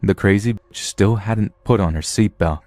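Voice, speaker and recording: A man's voice: lowish voice, moderate pace, a little mellow, dry recording. A man narrating a true horror story in a blunt, profane telling.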